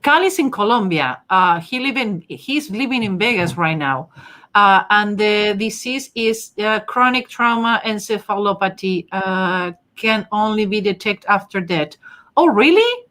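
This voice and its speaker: A woman's voice: mid-range voice, unhurried, pushed and bright. Chatty woman with a strong accent. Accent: non-native English. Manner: chatty, reads and answers viewer comments. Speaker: host and face-reading teacher. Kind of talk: casual live-stream talk.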